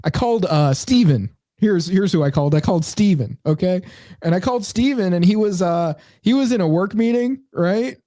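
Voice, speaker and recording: A man co-hosting a podcast, telling stories in an animated way and often breaking into laughter. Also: high-pitched, moderate pace, no room sound, studio quality. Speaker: podcast co-host. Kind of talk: casual chat.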